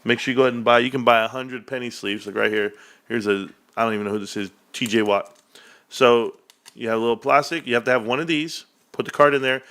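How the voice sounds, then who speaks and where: A man with a medium-pitched, slightly bright voice hosts a casual livestream. He tells rambling, joking stories, says "bro" a lot, and laughs often, like a stock livestream host.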